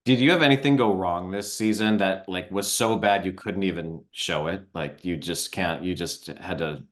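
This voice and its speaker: A man's voice: low voice, normal speed. A male editor hosting a webchat interview, asking questions conversationally and rephrasing as he goes. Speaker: interviewer, awards site editor. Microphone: video call.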